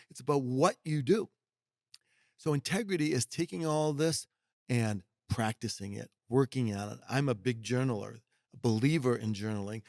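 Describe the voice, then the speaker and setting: A middle-aged man, a guest executive mentor on a podcast, makes his points emphatically and folksily, occasionally imitating what others say. He has a medium-pitched voice, and the studio-quality recording has no echo.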